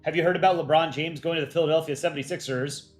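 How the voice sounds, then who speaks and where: A man's voice: a little high, fairly even intonation, fast talker, soft background music. A man hosting a casual livestream, reading out fan art entries and reacting with light jokes.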